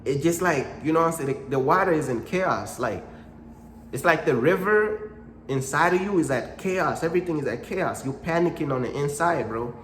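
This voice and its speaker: A man's voice: a little high, lively intonation, moderate pace, a bit bright, slight background noise. A man giving a casual faith talk, full of slang, calling the listener "bro" again and again. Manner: slangy, repeats "bro" and "you know what I'm saying". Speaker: Christian content creator. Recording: echoey room with long reverb.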